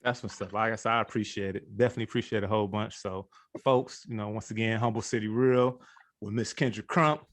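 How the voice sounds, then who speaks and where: A man's voice: on the low side, fairly even intonation, fast, a little hiss or hum. A man hosting a podcast in a laid-back casual chat, laughing often and leaning on filler phrases. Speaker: podcast host.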